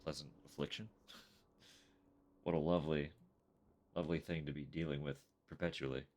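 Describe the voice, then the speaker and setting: A man's voice: extremely low pitch, steady tone, normal speed, a little mellow, a little hiss or hum. A man streaming a game, reading its text aloud and adding dry, sarcastic asides.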